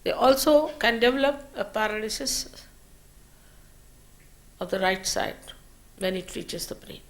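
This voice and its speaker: A woman teacher giving a slow, measured spiritual lecture at a public program, her phrases trailing off softly. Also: mid-range voice. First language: Marathi.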